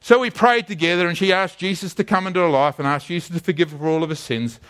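A man's voice: high voice, fast talker, a bit bright, clean tone. A man preaching a sermon as a pastor, telling stories earnestly and often repeating his words.

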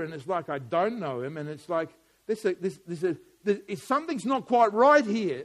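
High-voiced preacher. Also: male voice, lively intonation, normal speed. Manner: swings from quiet musing to loud, emphatic preaching. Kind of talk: sermon.

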